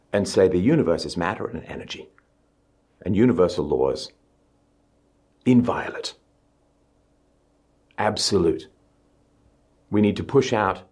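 A middle-aged man giving an emphatic public speech, pushing his pitch up on stressed words. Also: darkish tone, slightly rough. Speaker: speaker.

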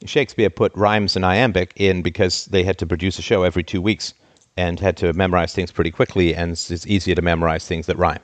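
A man hosting a live show, ranting in an exasperated, sarcastic way with big theatrical swings in pitch. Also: fairly even intonation, a little fast, dry recording. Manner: theatrical, trained speaking voice. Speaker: host.

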